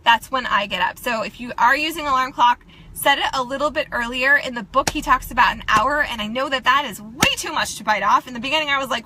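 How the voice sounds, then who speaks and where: A woman's voice: sits high, quick pace, noisy background. A woman in her thirties giving a casual, upbeat motivational talk to her viewers, chatty and laughing often. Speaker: self-help vlogger.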